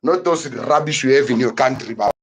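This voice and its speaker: A man, indignant and heated as he walks through his house on a live stream. He swears freely and repeats his points over and over, in a voice of ordinary middle pitch. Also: fairly quick. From Angola.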